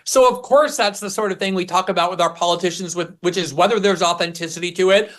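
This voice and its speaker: A man appearing as a guest commentator, speaking forcefully and with scorn about politics. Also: high voice, fast.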